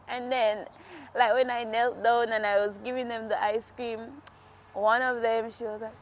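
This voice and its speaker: A woman's voice: a little high, a little slow, slight background noise. A woman vlogger telling a personal faith story in a casual, heartfelt way, laughing often as she talks outdoors. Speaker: devotional vlogger. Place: outdoors in a quiet natural area.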